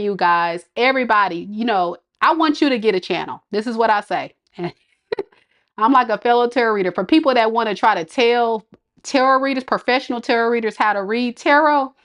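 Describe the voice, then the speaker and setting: A woman tarot reader scolding her live viewers in an exasperated, laughing rant. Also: on the high side.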